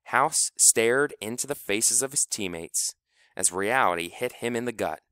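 Lively, resonant male storyteller. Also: medium pitch, unhurried, smooth, no echo, studio quality. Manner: lively storytelling, acts out characters. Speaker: audiobook narrator. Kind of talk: scripted narration.

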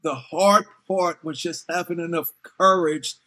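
Husky high-voiced man telling stories. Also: unhurried. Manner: animated, acts out quotes in voices. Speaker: guest, veteran rapper. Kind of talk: casual interview storytelling.

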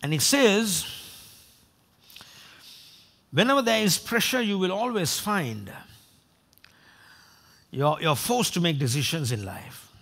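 A man preaching a sermon, animated, acting out quoted voices and often repeating and restarting his words. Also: sits high, slow, creaky, pauses often. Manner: animated, acts out quoted voices of God and people. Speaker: pastor.

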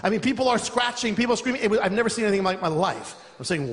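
A man's voice: high voice, rapid-fire. A man preaching a sermon, telling a story with energy and laughing as he goes. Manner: animated, laughing through a funny story. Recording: long reverb of a large hall.

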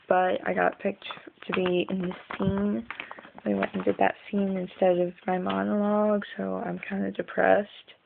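A woman's voice: mid-range voice, gravelly, phone-quality sound, background noise. A young woman rambling casually in a video diary, chatty and full of ums. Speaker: vlogger.

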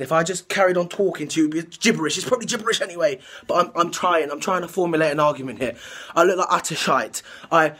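Husky man ranting angrily. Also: a little high, fast talker. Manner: swearing, shouting, restless outbursts. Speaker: vlogger. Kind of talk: angry football rant to camera.

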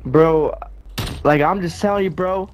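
A man's voice: on the high side, unhurried, a little hiss or hum. A man in gaming voice chat, talking in a laid-back, slangy and joking way. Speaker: fellow player.

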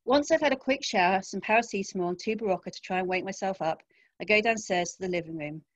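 A woman author reading her first-person crime story aloud in a wry, even narration over a video call. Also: medium pitch, fast, dry recording. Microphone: home computer mic, video call.

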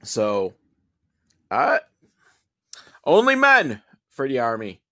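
A man's voice: medium pitch, huge pitch swings, drawn-out words, bright, forceful tone. Sarcastic, rambling male movie reviewer. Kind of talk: casual comedic movie recap.

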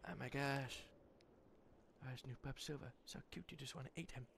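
A young man giving excitable let's-play commentary, yelling and laughing at the game with mild slang. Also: mid-range voice, fairly quick, vocal fry, slight background noise. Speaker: gamer.

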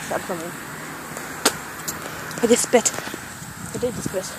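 In a hyper solo vlog shot in her kitchen and then a yard, a young woman rambles giddily, squealing and screaming along the way. Her lowish, darkish voice moves at normal speed with long pauses, over noisy home camera audio.

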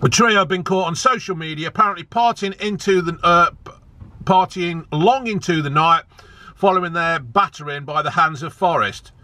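A man's voice: high-pitched, moderate pace, sharp tone. A man ranting angrily as a football fan vlogger, swearing a lot and repeating himself for emphasis. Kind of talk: angry ranting vlog.

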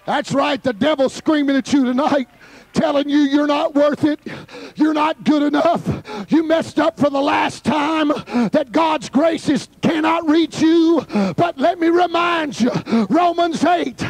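A man preaching a fervent Pentecostal sermon at a youth camp service and shouting in bursts. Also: very high voice, fairly even intonation, measured pace, creaky.

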